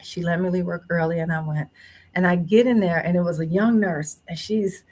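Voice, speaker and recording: A woman in her thirties, a guest author telling a personal story in a casual, animated way and acting out other people's lines. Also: fairly low pitch, fairly quick. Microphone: phone or remote line.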